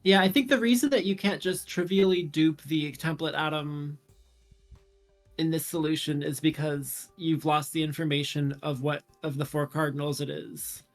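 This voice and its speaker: Male stream commentator, gravelly, slightly high, casual and analytical. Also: fairly even intonation, normal speed, soft background music. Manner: analytical, thinks aloud through numbers. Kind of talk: casual puzzle-solution commentary.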